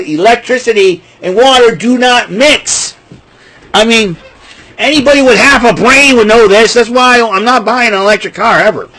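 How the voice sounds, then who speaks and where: A man's voice: high voice, low-quality recording. A man talking casually to camera in a rambling, jokey monologue, ranting and laughing at himself. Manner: excitable, jokey, rants then laughs. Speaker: vlogger.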